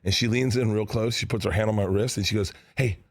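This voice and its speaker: A man telling stories as a comedy guest in a studio interview, excitable and laughing often, acting out the people he quotes. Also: on the low side, quick pace. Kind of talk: animated storytelling in an interview.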